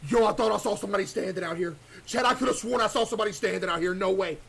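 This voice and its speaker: A man streaming a horror game, excitable and stammering as he talks to his chat. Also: high voice, very fast, vocal fry, slightly rough. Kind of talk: live horror gameplay commentary.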